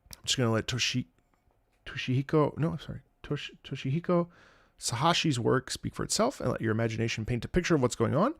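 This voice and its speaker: A man talks on a live stream in a tired, reflective voice. His delivery rambles and restarts. There is a gravelly edge to it, and the sound is dry and close. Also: mid-range voice, animated, fast talker, no room sound. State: tired voice from travel. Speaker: streamer reacting to game music. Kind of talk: casual live-stream commentary.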